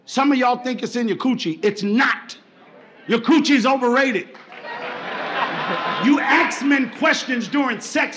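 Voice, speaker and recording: A male stand-up comedian on a club stage, loud and swearing, acting out both sides of arguments. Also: very high-pitched, measured pace, pauses often. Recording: live club recording with crowd noise.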